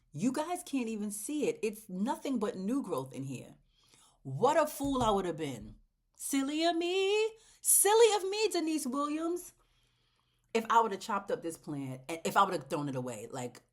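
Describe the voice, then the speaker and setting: A woman hosts a casual plant vlog in a medium-pitched voice. Her pitch rises and falls widely, from loud exclamations down to soft near-whispers. She talks to her viewers in a chatty, heartfelt way. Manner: chatty and heartfelt, talking straight to viewers as y'all. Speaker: plant channel host.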